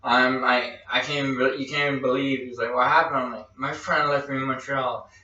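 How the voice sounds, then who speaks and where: A man tells a long personal story, stumbling over restarts and acting out what others said. His voice is bright and carries. It comes from a distance in a very echoey room through a dull, lo-fi mic. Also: medium pitch, flat delivery, fairly quick. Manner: rambling anecdote with quoted dialogue and restarts. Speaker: podcast host. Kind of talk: casual storytelling chat.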